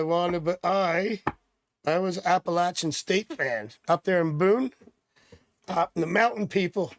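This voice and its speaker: Middle-aged guy from canada doing a live tarot stream, rambly and jokey, highish gravelly voice, dry close sound. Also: no echo. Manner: rambling, chatty, jokey asides. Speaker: tarot reader.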